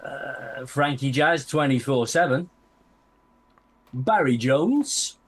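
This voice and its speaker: A man co-hosts a casual live stream and slowly reads out the names of viewers. His voice rises and falls a good deal as he goes. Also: medium pitch, expressive, creaky, husky. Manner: slow, reading out a list. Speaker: co-host reading chat names.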